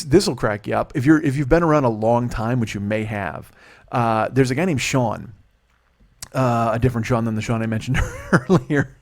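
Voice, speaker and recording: A man in his forties talks fast through a solo podcast monologue. He rambles and swears constantly, restarts his sentences, and puts himself down with exasperated humor. His voice sits at an ordinary middle pitch for a man. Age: 40s. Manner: profane, rambling rant with many restarts; self-deprecating, exasperated. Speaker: podcast host.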